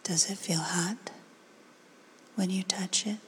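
A woman in a whispered role-play, giving slow, coaxing commands in a breathy whisper. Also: on the low side, fairly even intonation, a little hiss or hum. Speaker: ASMR performer.

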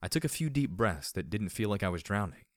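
A man reading a first-person story aloud, measured and wry. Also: on the low side, sing-song, dry recording, studio quality. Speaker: audiobook reader.

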